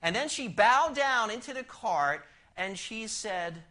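A male pastor delivering a sermon with emphatic, rhetorical questions, swinging between soft and loud delivery and between fast and slow. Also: sits high, expressive.

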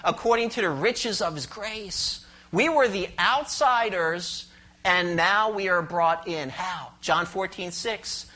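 A pastor preaching a sermon, expressive and questioning the congregation, explaining scripture verse by verse. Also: medium pitch, takes it slowly. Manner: explains Greek words and cites verses.

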